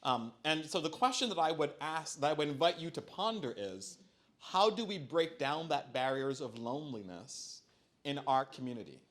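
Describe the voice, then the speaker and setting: A middle-aged man with a slightly high voice, speaking as a bishop at a parish forum. He talks in an easy, conversational way with filler ums and wry self-deprecating humor. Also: lively intonation, normal speed, a bit bright. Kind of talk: church forum Q&A answer. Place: church hall.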